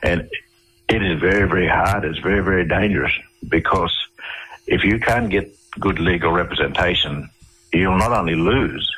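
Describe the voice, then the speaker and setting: A man's voice: sits low, moderate pace, bright, forceful tone, breathy edge, poor audio. A middle-aged Australian man, a radio interview guest, telling stories in a rambling way full of restarts and fillers.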